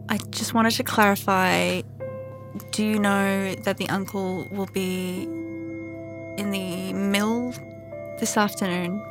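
Woman as a careful young woman agent. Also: medium pitch. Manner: polite, careful.

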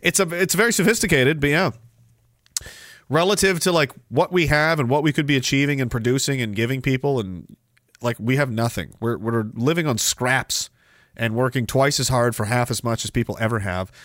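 A man hosting a livestream, reading chat and ranting in a sarcastic, profane way, dropping to mumbles and rising to loud outbursts. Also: mid-range voice, a little fast, no room sound, clean studio sound.

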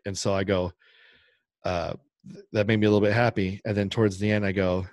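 A man with a lowish voice talks fast as a podcast co-host, unspooling a long, rambling story in casual chat and acting out everyone else's lines with animation. Clean studio sound, no room sound.

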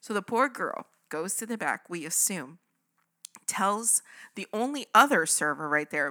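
Animated chatty woman storyteller. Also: mid-range voice, measured pace. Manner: animated, chatty, keeps checking in with "right?" and "okay?". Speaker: podcast host. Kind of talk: casual storytelling.

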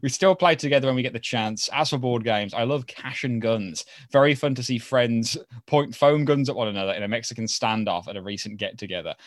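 A man's voice: fairly low pitch, no echo, clean studio sound. A man co-hosting a casual podcast, joking around and reading listener mail aloud. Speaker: podcast co-host.

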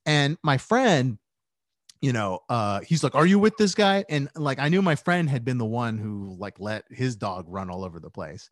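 A man's voice: mid-range voice, expressive, moderate pace, dry recording, studio quality. A man on a podcast telling a story in casual chat, rambling and profane with a self-mocking edge. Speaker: podcast co-host.

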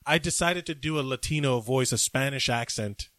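A man's voice: mid-range voice, normal speed, a bit bright, no echo, studio quality. A man hosting a podcast, talking loosely, joking and swearing casually. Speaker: podcast host.

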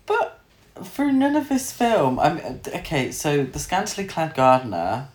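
Speaking at a measured pace in a high voice with wildly swooping pitch, a man co-hosts a podcast and chats loosely about a film. He's sweary, laughs a lot, and mimics characters, all in an echoey room.

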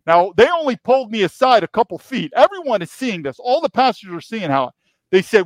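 A man's voice: high voice, very animated, a little fast, dry recording. A man from New York, a podcast guest, telling a story emphatically and repeating key phrases. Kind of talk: storytelling interview.

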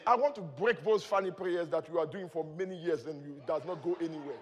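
Male preacher, very high-pitched, shouts praise and chuckles, long hall echo. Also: animated, a little fast, a faint crowd, a little hiss or hum. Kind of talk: sermon.

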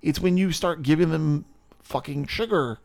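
A man's voice: a little high, moderate pace, gravelly, a crowd in the background. A man co-hosting a podcast, chatting casually about a movie with wry, joking asides. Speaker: podcast co-host. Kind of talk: casual chat reviewing a movie.

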